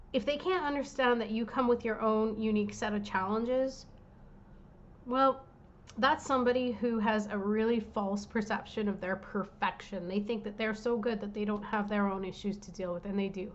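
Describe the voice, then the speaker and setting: A woman's voice: medium pitch, fairly even intonation, moderate pace, dull audio. A woman tarot reader talking straight to her viewers, worked up and direct as she gives a reading.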